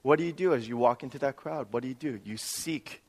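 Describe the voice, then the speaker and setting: A man preaching a sermon as pastor, swinging between loud emphatic stretches and soft hushed ones. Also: mid-range voice, brisk, long reverb tail.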